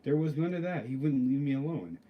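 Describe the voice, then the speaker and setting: A man's voice: medium pitch, expressive, fairly quick, narrow, tinny audio, a little hiss or hum. A man ranting casually to camera, rambling and swearing, with lots of filler words. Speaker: vlogger. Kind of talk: casual storytelling rant.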